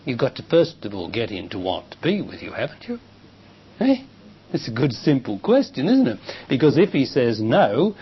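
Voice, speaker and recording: A man giving a public spiritual talk and answering audience questions, measured and emphatic, in a dull lo-fi recording with faint hiss. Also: mid-range voice, big pitch swings. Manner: measured, emphatic, rises sharply when quoting others. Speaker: spiritual teacher. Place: lecture hall with audience.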